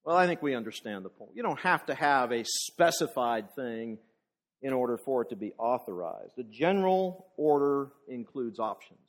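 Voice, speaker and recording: A man's voice: medium pitch, animated, normal speed. A man preaching a conversational sermon, asking the congregation rhetorical questions and often repeating words as he restarts.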